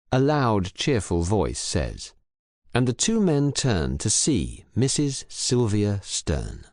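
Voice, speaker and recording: A man reading a crime story aloud in clear, measured narration for English learners. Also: lowish voice, huge pitch swings, darkish tone, dry recording, clean studio sound. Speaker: audiobook reader.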